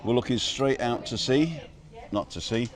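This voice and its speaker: Speaking at a measured pace in a medium-pitched voice, a middle-aged man runs a relaxed live stream on a restaurant terrace using a wireless mic. He chats with his audience, reading their comments aloud and joking about them.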